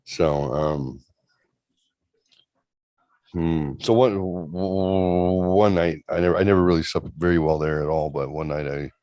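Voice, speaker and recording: A man's voice: low-pitched, steady tone, unhurried, pauses often, dark tone, no room sound. A man in his forties casually telling a long story on a livestream, loose and profane, with lots of rambling asides. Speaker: show host.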